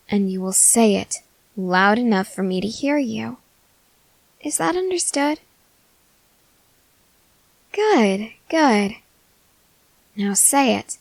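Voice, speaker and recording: A young woman voicing an obsessive, possessive queen in an ASMR role-play, talking softly and insistently. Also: medium pitch, vocal fry, no room sound. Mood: commanding. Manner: slow, soft, controlling and insistent.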